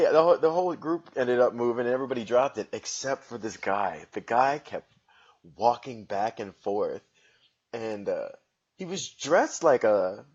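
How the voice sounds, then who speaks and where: A man's voice: mid-range voice, husky, muffled recording. A man hosting a podcast, telling a story in a casual, profane and self-mocking way. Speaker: podcast host.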